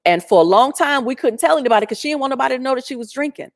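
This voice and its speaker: A middle-aged woman telling a personal story in an animated, chatty way with lots of fillers. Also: high-pitched, rapid-fire, dry recording, clean studio sound.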